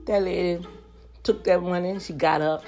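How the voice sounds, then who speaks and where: Lively woman vlogger, chatty story told straight to viewers, lowish voice. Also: normal speed, over music. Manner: animated, talks straight to her viewers.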